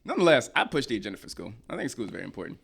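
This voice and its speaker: A man's voice: medium pitch, big pitch swings, rapid-fire, vocal fry, a bit bright, husky. A young man co-hosting a podcast, talking casually with wry, opinionated humor and frequent laughs. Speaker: podcast co-host. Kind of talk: casual chat.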